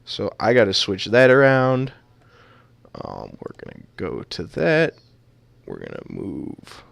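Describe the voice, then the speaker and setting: A man's voice: lowish voice, wildly swooping pitch, slow pace, gravelly, a bit bright, dry recording. A man casting a video game match live, trading playful jokes with his co-caster. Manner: joking, playful banter. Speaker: esports caster.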